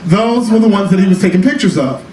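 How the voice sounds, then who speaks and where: A man's voice: high voice, lively intonation, fast talker, roomy sound, far from the mic, crowd noise. A man telling a sassy, flamboyant story in a live one-man comedy show, calling the audience child and honey. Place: small cabaret club with an audience. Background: audience laughter.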